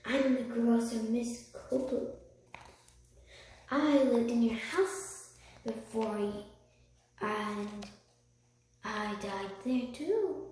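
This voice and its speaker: A woman reading aloud, voicing a mischievous young girl who puts on a scratchy, squeaky ghost voice and hollers. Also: extremely slow, long pauses. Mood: spooky. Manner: loud, hollered lines. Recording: echoey room, far from mic, faint noise.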